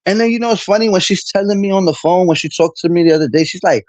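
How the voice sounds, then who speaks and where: A man's voice: high-pitched, steady tone, fast talker, a little mellow, no echo. A man streaming a casual, heated monologue, full of street slang and repetition as he vents about a friend.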